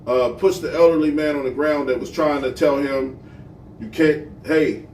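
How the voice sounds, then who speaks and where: A man co-hosting a casual podcast chat, telling stories in an animated way and swearing freely. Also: a little high, normal speed, distant mic. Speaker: podcast co-host. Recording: roomy echo, off-mic, faint hiss.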